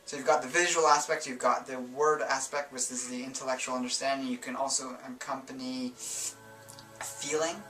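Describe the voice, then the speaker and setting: A man hosting a self-help channel, explaining in a relaxed, rambling way with fillers and self-corrections. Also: medium pitch, normal speed. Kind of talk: casual instructional talk. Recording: roomy sound from a distance, faint music.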